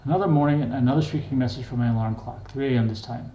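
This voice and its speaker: An older man reads his own memoir aloud in a plain, wry, unhurried way. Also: medium pitch, mellow, muffled recording. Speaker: memoir reader. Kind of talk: memoir narration. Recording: echoey room.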